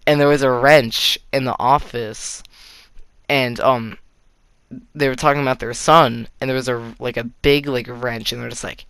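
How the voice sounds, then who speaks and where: A teenage boy rambles through a personal story, swearing freely and tripping over restarts. His voice is smooth and clean, recorded close and dry with no room sound around it. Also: mid-range voice, fairly even intonation, normal speed, fairly bright tone, dry recording. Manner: rambling, swears often, filler-heavy with restarts. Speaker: vlogger telling a story. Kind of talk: casual storytime. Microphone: console facecam or headset mic.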